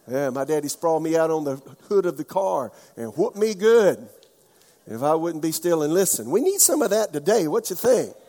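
A pastor preaches in a fairly high, gravelly voice, telling homespun stories and calling out questions to his congregation. His voice rings with the long reverb of a church hall. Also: a little mellow. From South Carolina, USA. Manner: folksy storytelling, asks the congregation questions. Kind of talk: sermon.

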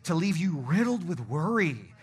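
A man's voice: fairly high pitch, big pitch swings, normal speed, heavy background noise. A middle-aged man preaching a sermon in a church, building to emphatic calls to the congregation. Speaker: pastor.

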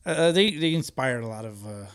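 A man's voice: medium pitch, a little fast, clean tone. A man in casual podcast chat, telling a long story with plenty of swearing. He talks loosely and laughs through his own story. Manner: profane, animated storytelling with lots of laughing. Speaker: podcast co-host.

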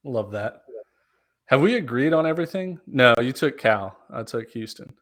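A man co-hosting a sports podcast, easygoing and chatty as he weighs his picks. He talks things through out loud with filler words and restarts. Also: mid-range voice, normal speed. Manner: relaxed, thinks aloud with fillers. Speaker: podcast co-host. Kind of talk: casual sports chat.

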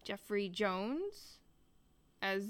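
A woman's voice: mid-range voice, very animated, extremely slow. A young adult woman co-hosting a podcast, chatting casually and rambling with many restarts. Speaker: podcast co-host. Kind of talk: casual chat.

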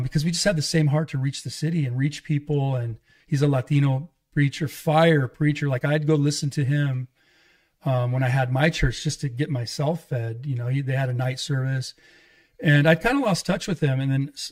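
A man with a slightly raised voice shares his testimony in a relaxed interview. He is an animated storyteller who drops into the voices of the people he talks about. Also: fairly high pitch. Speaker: pastor and guest. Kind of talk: conversational testimony.

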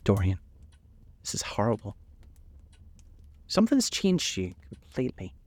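A man's voice: lowish voice, wildly swooping pitch, measured pace, a little mellow, no room sound, heavily acted. A man voicing an anguished, earnest older male painter in a storybook reading, pained and pleading. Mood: distressed.

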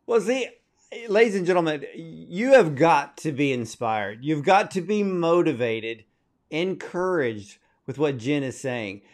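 A man's voice: a little high, lively intonation, measured pace. A man hosting a motivational podcast interview, addressing his audience emphatically in a preacher-like way. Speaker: podcast host.

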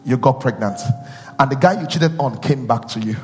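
A man preaching a sermon with call-and-response, swinging from loud chanting to low, intimate asides. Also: fast talker. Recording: long hall reverb with faint music.

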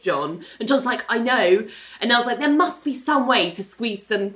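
A woman talking casually, retelling a TV episode scene by scene. She fills her speech with "like" and keeps it loose and conversational. Her voice sits at a medium pitch. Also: animated, sharp tone, poor audio. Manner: chatty, says "like" often, recounts scenes in quick summaries. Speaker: podcast co-host recapping a TV episode. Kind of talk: casual chat and scene recap.

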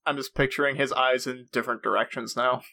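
A man's voice: mid-range voice, steady tone, fast, vocal fry, bright, forceful tone. A man co-hosting a comedy podcast, throwing in wry, teasing remarks. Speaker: podcast co-host.

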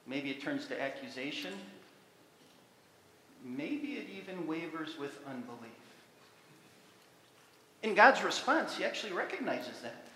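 Bright, high-voiced pastor preaching in a church. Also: male voice, very animated, unhurried, long pauses, a little hiss or hum. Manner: earnest preaching full of rhetorical questions. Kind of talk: sermon. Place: church sanctuary. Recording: echoey church sanctuary with long reverb.

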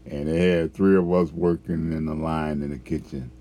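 A man's voice: rumbling low, fairly even intonation, moderate pace, mellow, slight background noise. A man telling a rambling, profane story about past jobs, full of fillers and chuckles. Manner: profane, laughs often, trails off with fillers.

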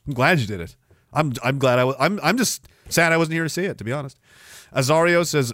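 A man's voice: a little high, animated, brisk, a bit bright, dry recording, clean studio sound. Sarcastic, ranting podcast host, a man. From Canada. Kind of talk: ranting livestream commentary.

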